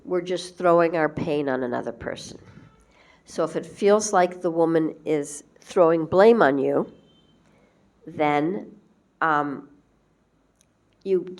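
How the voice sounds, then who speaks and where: Woman spiritual speaker, lower register, gentle and conversational devotional talk. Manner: gentle, conversational, acts out quoted lines. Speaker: spiritual teacher.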